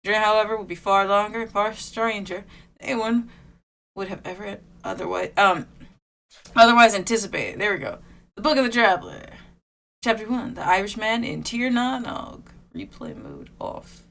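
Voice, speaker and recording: A woman's voice: medium pitch, moderate pace, a bit bright. Woman streamer reading a game aloud. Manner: reads narration then breaks off with chatty reactions and laughs. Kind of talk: reading a visual novel aloud with casual asides.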